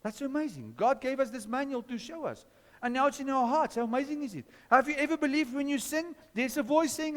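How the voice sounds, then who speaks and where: Pastor guy preaching, high voice, swings all over, asks the crowd stuff. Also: quick pace, in a large hall. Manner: questions the congregation, animated. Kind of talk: sermon.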